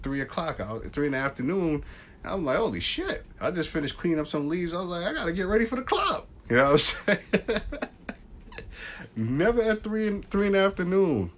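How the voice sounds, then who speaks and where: A man hosting a casual live stream chat, talking in loose slang and shouting out viewers as they join. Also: lowish voice, a little hiss or hum. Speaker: podcast host. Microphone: phone live stream.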